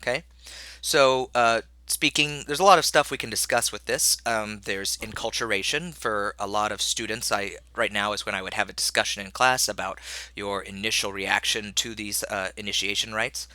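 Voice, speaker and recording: A man's voice: lowish voice, fairly even intonation, normal speed, bright, forceful tone, no echo. A man giving a recorded video lecture to his class in a casual, rambling way, with many fillers and restarts while he is slightly ill. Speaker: college instructor.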